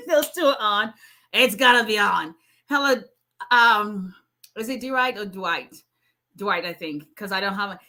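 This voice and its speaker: A woman greets her viewers on a live stream through a phone, her voice set a little high and bright with a forceful edge. She teases and jokes with her audience and laughs often, in a loose, chatty way. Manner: playful, teasing, laughs often. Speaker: immigration attorney.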